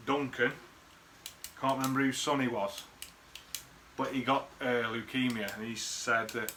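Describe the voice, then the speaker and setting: Guy, bright tense voice, rambling and sweary, faint background hiss. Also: mid-range voice, fairly even intonation, unhurried, long pauses. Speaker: friend recording a birthday message. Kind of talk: casual rambling reminiscence.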